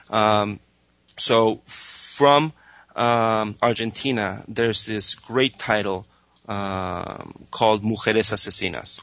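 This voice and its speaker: Low bright hesitant man, lo-fi. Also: no room sound. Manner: hesitant, many fillers and restarts. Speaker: streaming executive guest. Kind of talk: interview answers. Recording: dull lo-fi dry sound.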